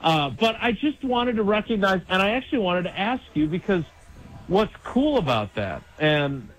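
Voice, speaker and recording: A man's voice: high-pitched, sing-song, moderate pace, fairly bright tone, low-quality recording. A middle-aged man calling in to a radio show on a phone hotline, rambling and joking at his own expense. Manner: rambling, self-mocking, joking. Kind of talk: casual call-in chat.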